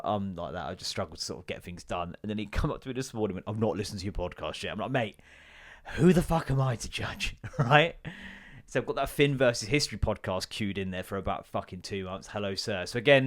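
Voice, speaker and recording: A man hosting a comedy podcast, telling rambling, sweary stories and doing the voices of the people in them. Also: on the low side. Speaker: podcast host. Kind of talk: casual comedic rant.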